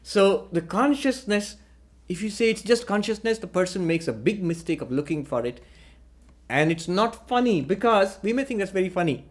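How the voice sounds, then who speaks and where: A man, a spiritual teacher, giving a deliberate philosophical lecture and posing rhetorical questions. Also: high-pitched, lively intonation.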